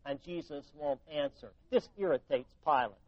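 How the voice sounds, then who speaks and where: A man preaching a sermon, sinking to hushed tones and then rising to loud, emphatic passages. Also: a little high, sing-song, normal speed, creaky, no echo, highs cut off. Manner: dynamic preaching, drops to near-whispers and rises to loud emphasis. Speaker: pastor.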